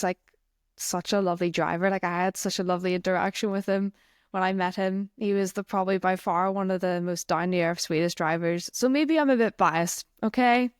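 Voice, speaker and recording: A woman's voice: fairly low pitch, no echo, clean studio sound. A woman co-hosting a casual podcast, chatty and playful, with plenty of "like" fillers. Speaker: podcast co-host.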